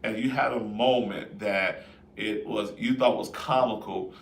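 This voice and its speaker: A man hosting a live-stream talk, speaking in a lively, conversational way and putting questions to his viewers. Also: fairly low pitch, a little slow, vocal fry, slight background noise. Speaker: host. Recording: roomy echo, distant mic.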